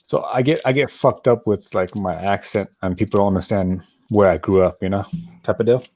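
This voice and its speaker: A man's voice: fairly low pitch, fairly quick, a little mellow. A man from Colorado chatting casually on a podcast, rambling and repeating himself as he talks. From Colorado, USA. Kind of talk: casual chat.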